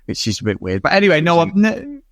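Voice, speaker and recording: A man's voice: fairly high pitch, huge pitch swings, a bit bright, no echo, clean studio sound. A man co-hosting a film podcast, chatting casually with jokes, asides and swearing. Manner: swearing, joking, quick asides. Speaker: podcast co-host. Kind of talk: casual film-review chat.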